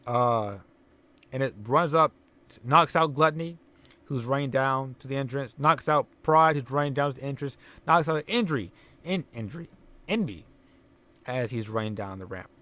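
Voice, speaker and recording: A man's voice: mid-range voice, normal speed, pushed and bright. A man casually recapping a wrestling simulation game, rambling with fillers and chuckles. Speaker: game commentator. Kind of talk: casual let's-play recap.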